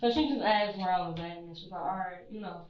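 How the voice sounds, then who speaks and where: A young woman being questioned by police, rambling with lots of "you know" and "like" and trailing off quietly at the ends of her lines. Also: on the low side, fast talker, crowd noise. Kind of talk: police interview recording. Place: police interview room. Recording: echoey distant muffled interview-room mic.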